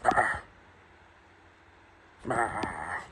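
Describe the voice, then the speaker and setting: A man's voice: low voice, drawn-out words, pushed and bright, a little hiss or hum, low-quality recording. A young man, a farm vlogger and teacher, talking casually to the camera in an easygoing, rambling way with plenty of ums. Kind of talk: casual vlog talk to camera.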